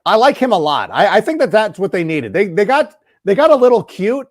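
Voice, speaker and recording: A middle-aged football analyst joins as a guest and talks in a chatty, rambling way, full of asides. His voice sits a little high and swings widely in pitch. The sound is close and dry. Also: very animated, a little fast, no echo. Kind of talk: casual sports talk interview.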